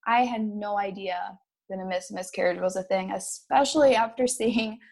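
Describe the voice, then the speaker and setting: A woman in her thirties shares a painful memory in a halting, emotional way. Her voice sits at an ordinary middle pitch, and she breaks off with small nervous laughs as she speaks. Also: creaky, darkish tone. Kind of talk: personal story.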